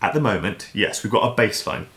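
A man as a podcast guest, talking in a casual, animated way and acting out the voices he quotes. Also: lowish voice, fast talker. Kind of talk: casual interview chat. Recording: roomy echo.

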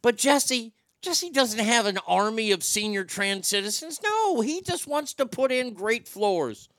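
A man's voice: extremely high pitch, lively intonation, a little slow, fairly bright tone, no room sound, studio quality. A man hosting an irreverent comedy show, rambling and swearing freely with crude jokes. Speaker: host.

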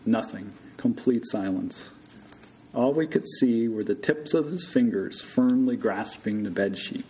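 A man, a surgical resident, telling a true story live to an audience in an unhurried manner. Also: on the low side, expressive, dark tone, slight background noise, poor audio.

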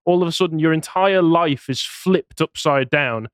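Man, co-host, dry teasing, slightly high voice, close dead mic. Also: normal speed, smooth, no room sound. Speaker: podcast co-host. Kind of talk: casual podcast chat.

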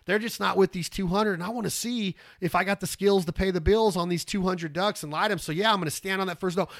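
Folksy bright-voiced man teaching duck calls. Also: high voice, fast talker, creaky. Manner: rambling, folksy, repeats words, bursts into loud duck calls. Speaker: duck calling instructor. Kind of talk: casual instructional talk.

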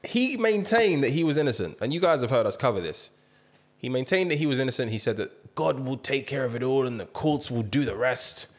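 A man's voice: mid-range voice, fairly quick. A young British man, chatting casually as a podcast host. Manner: animated storyteller, laughs through his own jokes. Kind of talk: casual chat.

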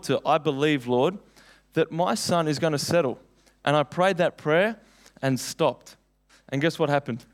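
A young man preaching a sermon, telling personal stories in an earnest, conversational way. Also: fairly high pitch.

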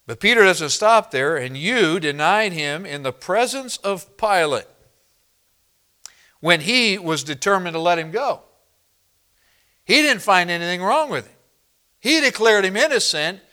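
A man preaching an expository sermon to his congregation, emphatic and direct, reading scripture slowly and deliberately. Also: high voice, animated, bright, forceful tone, clean tone. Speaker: pastor.

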